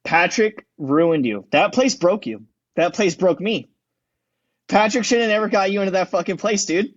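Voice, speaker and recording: A man's voice: high voice, expressive, normal speed, dry recording, highs cut off. A man who is a firefighter and EMT, a podcast guest telling rowdy, profane stories in casual chat and acting out what people said. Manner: profane, rowdy storytelling with acted-out quotes.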